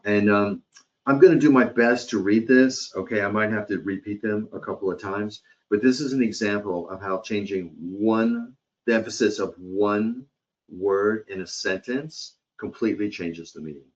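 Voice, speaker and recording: A man's voice: on the low side, fairly even intonation, normal speed. A man presenting a live hospitality training webcast in a conversational way, often checking in with his listeners. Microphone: computer or headset mic on a webcast. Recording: dull lo-fi webcast audio.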